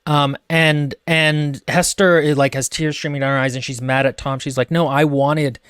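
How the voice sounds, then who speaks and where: A man's voice: on the high side, little pitch movement, normal speed, a bit bright, clean tone, no echo, clean studio sound. A man co-hosting a podcast, talking casually and with strong opinions about a book, full of fillers and restarts. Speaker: podcast co-host.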